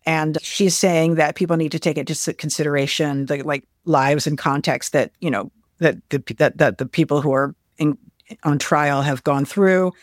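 A woman's voice: low voice, moderate pace, no room sound. Thoughtful woman in dry casual chat. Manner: thoughtful, many fillers and restarts, animated when quoting. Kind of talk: casual discussion.

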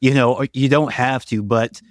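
A man's voice: mid-range voice, fairly even intonation, measured pace, no room sound. Hedging man in dry casual chat. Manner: conversational, hedging, many fillers and asides. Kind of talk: casual discussion.

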